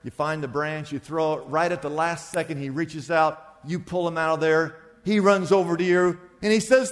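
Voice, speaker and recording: A man's voice: on the high side, fairly even intonation, moderate pace, hardly any pauses, big-room sound. A man preaching a sermon as pastor, telling a story and acting out the voices of its people, with lots of repetition.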